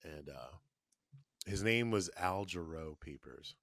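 Deep-voiced slangy man on a podcast. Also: expressive, takes it slowly, fairly bright tone, no room sound, clean studio sound. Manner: laid-back, slangy. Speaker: podcast co-host. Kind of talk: casual chat.

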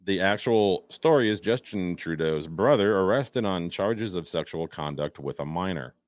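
A man co-hosting a live talk show, reading news stories aloud with halting restarts and casual asides. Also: low voice, lively intonation, dry recording, clean studio sound. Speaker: podcast co-host. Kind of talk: casual live-stream chat.

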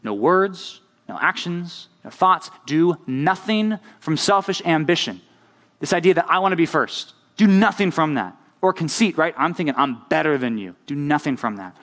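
A fairly high, expressive voice with a fairly bright tone moves at a moderate pace. The speaker, a young youth pastor, preaches to a youth group in a chatty way. Throughout the sermon he keeps asking "right?" to connect with listeners.

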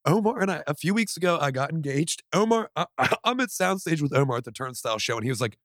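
A man's voice: fairly high pitch, expressive, quick pace, hardly any pauses, fairly bright tone, no room sound, clean studio sound. A man co-hosting a podcast, joking and rambling in casual banter. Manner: joking, rambling, puts on voices. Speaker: podcast co-host.

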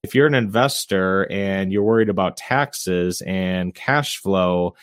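Low-voiced easygoing man on a podcast. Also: takes it slowly, clear, resonant tone, dry recording. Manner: easygoing, chuckles often, many fillers. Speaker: podcast guest, real estate investor and realtor. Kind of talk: casual interview chat.

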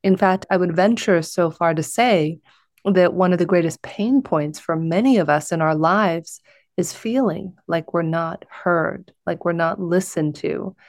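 A woman's voice: on the low side, unhurried, no room sound, clean studio sound. A woman hosting a podcast interview, speaking earnestly and turning to address her listeners directly. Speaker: podcast host and speaking course co-teacher.

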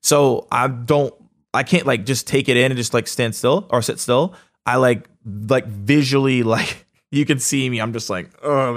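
Energetic fast-talking man hosting a podcast. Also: mid-range voice. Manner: energetic, casual, fast-talking with many fillers. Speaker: podcast host. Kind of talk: motivational podcast monologue.

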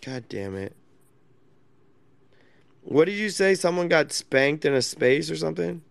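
A man's voice: on the high side, sing-song, measured pace, creaky, clear, resonant tone. A man hosting a casual chat in an online audio room. He speaks in a brash, mocking way and swears a lot. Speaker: host.

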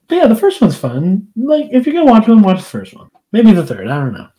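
A man co-hosting a podcast, chatting casually, laughing often and sharing quick opinions. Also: sits high, wildly swooping pitch, mellow. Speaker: podcast co-host. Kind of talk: casual chat.

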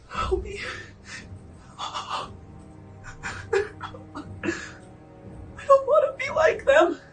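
A man's voice: on the high side, fairly even intonation, takes it slowly, music in the background. A man voicing a terrified, gaunt half-elf man in his thirties who pleads frantically and sobs. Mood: sobbing. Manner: frantic pleading, sobbing, whispering. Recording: distant mic.

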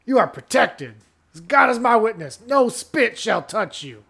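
A man putting on a brash casino pitchman, loud, swearing, all over-the-top sales hype. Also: very animated, a little slow, vocal fry, slightly rough, full character voice. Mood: hyped. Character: brash male casino pitchman promising spit-proof booths.

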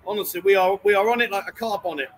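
A man's voice: high voice, very fast, slight background noise, poor audio. A man hosting a casual live stream from a bar, teasing his co-host and reading out viewer comments. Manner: teasing banter, reads viewer comments aloud.

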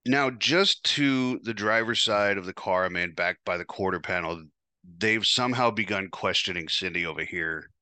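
A man's voice: low-pitched, normal speed, bright, forceful tone, no echo. A man hosting a podcast, telling a first-person story in a casual, profane, wry way. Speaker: podcast host.

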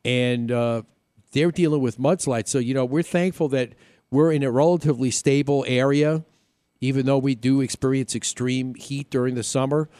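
A man's voice: medium pitch, steady tone, normal speed, darkish tone, clean tone, no echo, studio quality. A man with a New York accent hosting a live weekend radio show, upbeat and jokey, chatting loosely with restarts. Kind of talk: casual radio chat.

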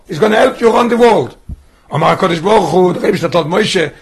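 A man's voice: high-pitched, animated, a little fast, slightly rough. A man teaching a Torah lesson as a rabbi, asking one rhetorical question after another. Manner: poses rhetorical questions, mixes in Yiddish and Hebrew terms.

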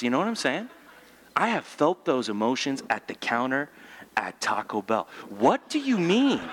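A male pastor giving a sermon in church, joking and animated, asking the room rhetorical questions. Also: mid-range voice.

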